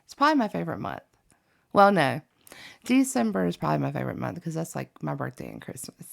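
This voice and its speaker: Young woman, reaction vlogger, gravelly fry, chatty and rambling. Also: low-pitched, big pitch swings, fast talker. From Alabama, USA. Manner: chatty and rambling, with many ums and likes. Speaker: reaction video host. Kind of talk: casual reaction vlog chat.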